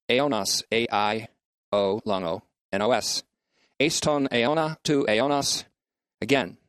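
A man's voice: lowish voice, dry recording. Methodical man teaching scripture, dry sound. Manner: methodical, spells out words letter by letter. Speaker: bible teacher. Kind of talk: scriptural lecture.

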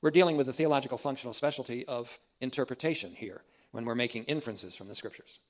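A man preaching a theological lesson at a measured, deliberate pace. He leans on key phrases and repeats them for emphasis. His voice sits at an ordinary middle pitch for a man. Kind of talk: theological teaching sermon.

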